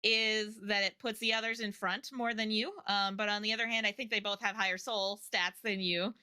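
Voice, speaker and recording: A woman game master guides her players through a tabletop session, talking through the rules as she goes. Her voice is bright and forward. It is recorded close and dry, with no room sound, and her pitch sits in the middle range. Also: fairly even intonation, moderate pace, clean tone, no echo. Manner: thinks aloud, lots of fillers and restarts.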